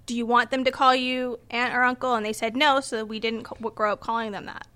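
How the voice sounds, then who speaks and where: A woman co-hosting a casual podcast chat who explains in a measured way, with thoughtful pauses. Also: a little high, flat delivery, bright, forceful tone. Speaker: podcast co-host.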